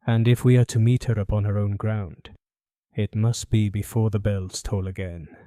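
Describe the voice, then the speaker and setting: A man playing a keen, cool-headed detective in an audiobook, speaking in a crisp, measured and probing way. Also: lowish voice, fairly even intonation, warm tone, no echo, studio quality, natural voice. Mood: assured. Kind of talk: audiobook character voice.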